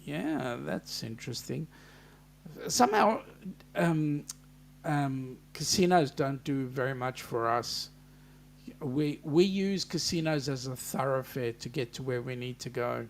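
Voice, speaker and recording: A man's voice: medium pitch, a little slow, vocal fry. An Australian man hosting a live stream, reading out viewer comments and teasing the regulars with banter. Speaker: host.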